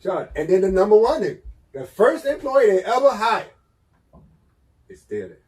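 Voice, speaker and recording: A man co-hosting a podcast in casual chat, telling an animated story that swings between loud and hushed. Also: high voice, normal speed, far from the mic, poor audio. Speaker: podcast co-host.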